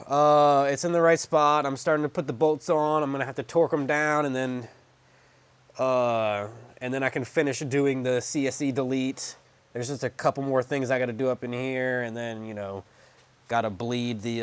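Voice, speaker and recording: Male car hobbyist, mid pitch, unscripted garage talk, swears a lot, mumbled restarts. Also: clear, resonant tone, no room sound. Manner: casual and profane, trailing off and restarting. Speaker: car owner working on his own car. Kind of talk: casual garage vlog.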